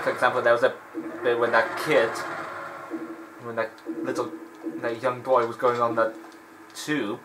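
A man's voice: medium pitch, pushed and bright, slight background noise, low-quality recording. A man hosting a let's play, chatting in a rambling, digressive way and laughing often while he plays. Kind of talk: rambling gameplay commentary.

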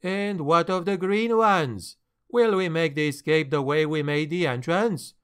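A man voicing an excitable foreign male ship captain who pleads and protests in a fussy way, for an audiobook. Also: fairly high pitch, a little slow, clean tone, pitched above the performer's own voice. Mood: protesting.

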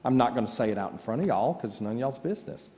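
A man preaches a sermon from the pulpit, folksy and joking as he tells stories to his congregation. His voice sits at a middle pitch and carries a long reverb from a large church sanctuary, as heard on a church livestream. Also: expressive, racing, dark tone. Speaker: pastor.

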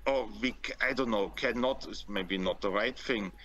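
A man's voice: lowish voice, normal speed, sharp tone. German accent guy, guest in an interview, earnest, keeps repeating words as he thinks. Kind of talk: interview conversation.

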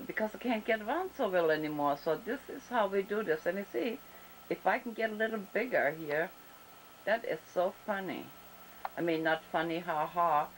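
Woman, German accent, show host, slow careful speech, lots of fillers and restarts, slightly low voice. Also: slight background noise, rough recording. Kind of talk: casual interview over video call.

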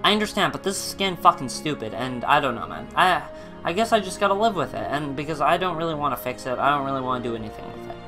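A man's voice: on the high side, animated, fast talker, over music. A man hosting a gaming video, ranting angrily and swearing a lot before starting play. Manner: angry profane ranting. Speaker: gaming YouTuber. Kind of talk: let's play commentary.

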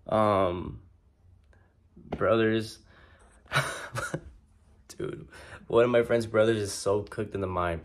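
A young man talks straight to his audience in a loose, slang-heavy rant. He sounds exasperated and swears freely. His voice sits a little low. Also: a little mellow. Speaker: vlogger. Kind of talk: casual rant to camera.

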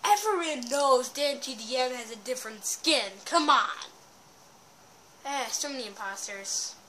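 A woman giving casual gameplay commentary, excitable and often bursting into yells. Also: high-pitched, unhurried, a little hiss or hum.

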